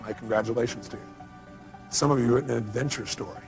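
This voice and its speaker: A man's voice: mid-range voice, quick pace, vocal fry, music in the background. A man giving a motivational seminar talk, emphatic, firing rhetorical questions at his audience. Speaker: motivational speaker.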